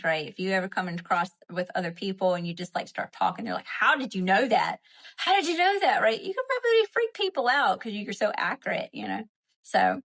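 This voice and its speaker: Speaking in a lowish, creaky voice that's a bit bright, a Southern-accented woman runs a casual spiritual livestream from home, picked up by a phone or webcam mic. She chats and repeats herself, frequently adding "right?" and "you know?".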